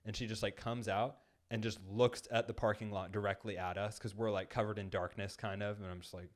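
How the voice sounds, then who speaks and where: A man's voice: fairly low pitch, level tone, a little fast. A man co-hosting a podcast, telling a long casual story in a studio, full of "like" and acted-out quotes. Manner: rambling, heavy use of "like", acts out quoted lines. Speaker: podcast co-host. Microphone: studio microphone.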